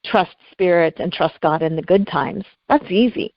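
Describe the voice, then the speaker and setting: A woman's voice: fairly low pitch, normal speed, creaky, no room sound, highs cut off. A middle-aged woman speaking as an interview guest, telling a painful personal story in an earnest, heartfelt way, at times close to tears.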